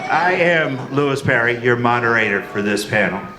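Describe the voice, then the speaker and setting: A man's voice: mid-range voice, expressive, moderate pace, sharp tone. A man moderating a live convention panel, nervous and gushing, laughing often. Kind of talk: excited live panel hosting. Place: convention hall stage. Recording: roomy hall with noise.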